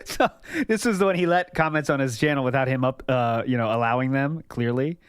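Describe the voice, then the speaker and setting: A man's voice: medium pitch, a little fast, clear, resonant tone, no room sound, studio quality. A man streaming casually, rambling and laughing as he reacts to old clips for chat. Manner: rambling, laughs often, jumps between topics.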